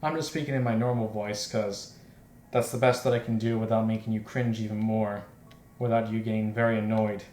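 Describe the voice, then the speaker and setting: A man's voice: on the low side, level tone, brisk, darkish tone. A man hosting a let's play, reading the story aloud and rambling in chatty asides. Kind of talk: casual game commentary and reading. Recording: echoey room with faint noise.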